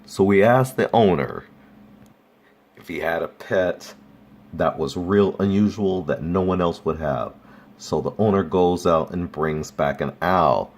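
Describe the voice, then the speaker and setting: A man casually reading folk tales aloud, relaxed and chuckling at his own jokes. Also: deep voice. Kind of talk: casual read-aloud storytelling.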